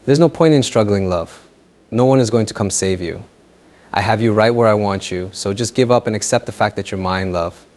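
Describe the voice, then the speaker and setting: A man voicing a possessive, menacing young lover who taunts slowly in an audio fan fiction story. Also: on the low side, darkish tone, natural voice. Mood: taunting. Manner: slow, taunting, mocking.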